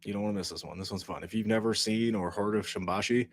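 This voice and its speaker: A man's voice: fairly low pitch, fairly even intonation, fast talker. Stuffy-nosed man, jokey podcast co-host. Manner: jokey, playful. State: stuffed up from allergies. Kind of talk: casual podcast chat.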